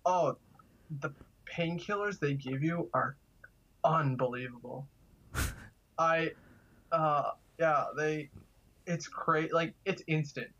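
A man's voice: on the high side, takes it slowly, pauses often, fairly bright tone. Chatty man telling stories, lo-fi. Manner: chatty, laughs through anecdotes, lots of fillers. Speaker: guest, kidney donor. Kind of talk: casual storytelling.

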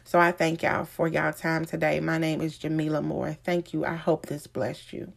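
A woman giving an inspirational speech, emphatic and repetitive, slowing down for effect. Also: low-pitched, little pitch movement, vocal fry. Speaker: motivational speaker.

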